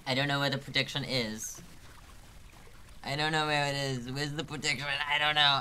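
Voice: mid-range voice, fairly even intonation, normal speed, sharp tone, slight background noise. A live streamer commenting on a hard climbing game, exasperated and self-mocking, joking about being about to cry.

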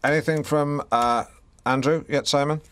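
A man's voice: a little high, steady tone, normal speed, a bit bright. A man hosting a comedy radio show, pompous and blundering, often stumbling over his words. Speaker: radio presenter.

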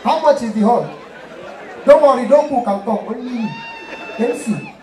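A brash, penny-pinching haggler put on by a comedian who barks prices in a shrill, high voice. He talks loud and rude. The sound carries through a roomy live hall, heard from far off. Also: animated, moderate pace, a faint crowd, a little hiss or hum. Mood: loud haggling. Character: excitable, penny-pinching man booking a wedding MC. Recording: roomy live stage, distant mic.

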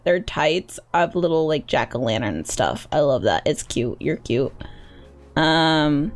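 A woman streamer giving casual game commentary, excitable and playful, squealing at cats and swearing when things go wrong. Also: low-pitched, a little slow, faint music behind.

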